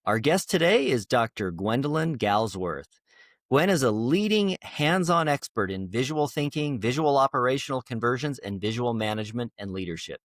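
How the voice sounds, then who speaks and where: A man's voice: medium pitch, big pitch swings, moderate pace, no echo, studio quality. A man hosting a podcast, reading a scripted intro and then chatting in a friendly, easygoing way. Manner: friendly, easygoing, some filler words. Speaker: podcast host.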